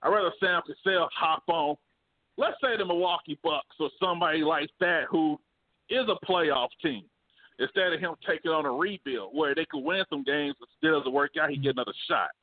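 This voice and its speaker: High-pitched man, sports talk co-host, lively and slangy, heard over a phone-like call. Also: moderate pace. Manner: animated, laughs often, slangy. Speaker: podcast co-host. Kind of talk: casual sports debate. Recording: phone-like remote call audio.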